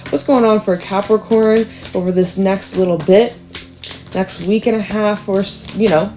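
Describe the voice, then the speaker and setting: A young woman giving a casual, chatty tarot reading. She fills her talk with fillers and sometimes jumps into loud, high-pitched acted lines. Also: fairly even intonation, normal speed, noisy background. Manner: chatty, upbeat, lots of fillers, acts out voices with loud high bursts. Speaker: tarot reader.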